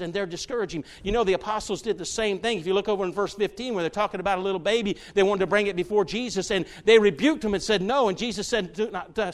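A man preaching a sermon to his church, folksy and direct with the congregation, often building to loud, fervent stretches. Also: high voice. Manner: folksy, talks straight to the congregation, builds to shouts.

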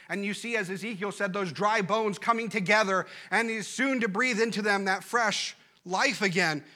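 A man preaching a sermon, emphatic, repeating key phrases and dropping from loud declarations to hushed, quiet lines. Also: on the high side.

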